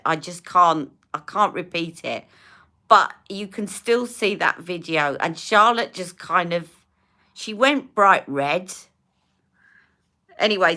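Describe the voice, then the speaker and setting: Woman, fifties, lowish voice, bright tone, chatty, rambling, makeup live stream. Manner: chatty, rambling, answers viewers' comments. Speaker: beauty live-stream host. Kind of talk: casual chat while doing makeup.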